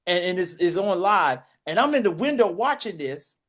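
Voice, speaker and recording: An animated man from Washington, DC, with a high voice at normal speed, co-hosts a podcast and tells casual stories. He acts out voices and shouts.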